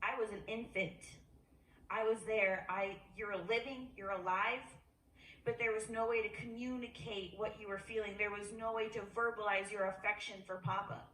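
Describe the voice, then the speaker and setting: A woman giving an informal sermon, animated, acting out quoted voices with jumps in pitch. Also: normal speed. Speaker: speaker at a worship gathering. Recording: echoey room, voice from a distance.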